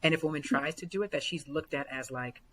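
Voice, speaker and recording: A young adult woman, a basketball coach, chatting as a podcast guest in animated storytelling with lots of "like" fillers. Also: deep voice, quick pace, slight background noise, rough recording. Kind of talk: casual podcast conversation.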